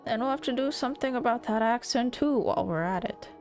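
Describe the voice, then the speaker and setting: A woman voicing a gruff, stern retired old nobleman in a visual novel voice-over, putting on a clipped British accent. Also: on the high side, fast talker, darkish tone, soft background music, close to an everyday voice.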